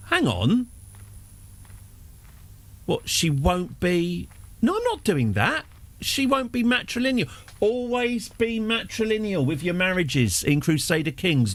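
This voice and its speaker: A middle-aged man giving casual, wry, self-deprecating commentary as he hosts a live stream of a strategy game. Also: mid-range voice. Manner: chatty, wry, self-deprecating, with frequent fillers. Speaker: streamer, host of the channel.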